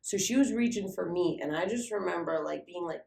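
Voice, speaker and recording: A woman's voice: on the low side, brisk, gravelly, echoey room. A young adult woman co-hosting a podcast, telling a story casually with lots of "like" and swearing. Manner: animated, heavy use of "like", swearing. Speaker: podcast co-host.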